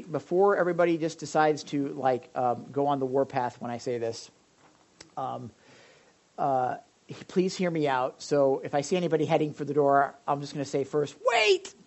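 Man, pastor, conversational sermon, animated, asks the room questions. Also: on the high side. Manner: animated, addresses the audience directly, frequent asides.

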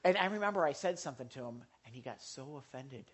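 A man preaching a casual sermon to a congregation, animated and jokey, swinging between loud and quiet. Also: medium pitch, fast, husky.

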